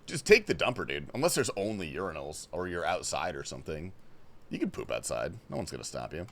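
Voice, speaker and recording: Young male streamer from Australia, loose and profane, with a lively, bouncy delivery. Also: low voice, fairly quick, vocal fry. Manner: reads chat questions aloud and answers loosely, swearing often. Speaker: livestream host. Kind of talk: casual gaming stream chat. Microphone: headphones and desk mic.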